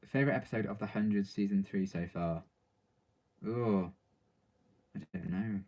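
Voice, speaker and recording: A man's voice: lowish voice, measured pace, warm tone. A man reading out viewer questions and answering them in casual, rambling live-stream chat, full of ums and likes.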